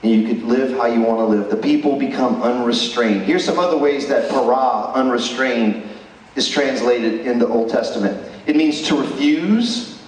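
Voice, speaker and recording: A man's voice: mid-range voice, normal speed. A man preaching a sermon at a school chapel, emphatic and full of rhetorical questions. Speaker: chapel speaker. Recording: echoey hall, distant mic.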